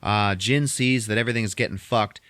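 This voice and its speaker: A man hosting a podcast, recapping a film in a casual, profane way and acting out the characters in quick voices. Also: fairly low pitch, no room sound. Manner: animated retelling, heavy swearing, acts out characters in quick voices. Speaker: podcast host retelling a film.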